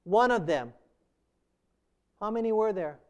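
High-voiced preacher man. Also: expressive, measured pace, darkish tone. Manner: emphatic preaching with rhetorical questions. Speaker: pastor. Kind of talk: sermon.

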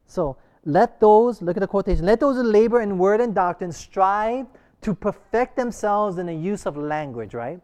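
A middle-aged man from Hawaii with a light Hawaiian Pidgin accent, teaching a church class on preaching, reading quotations aloud and pausing for the class to call out answers. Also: high-pitched, expressive, darkish tone. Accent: light Hawaiian Pidgin English.

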